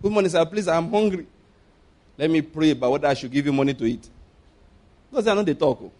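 A man preaching a sermon, lively and laughing often as he acts out voices. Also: on the high side, fast talker, pauses often.

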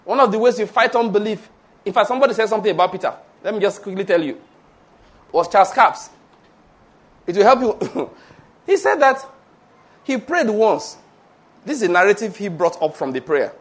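This pastor's voice sits high, and he preaches at a moderate pace with frequent pauses. Animated, he laughs through asides and leads the congregation in call-and-response.

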